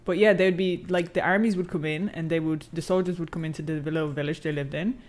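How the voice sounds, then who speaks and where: A game streamer chats casually and fast while playing, in a steady, medium-pitched voice. The talk is slangy and profane, with chat read aloud and lots of rambling fillers.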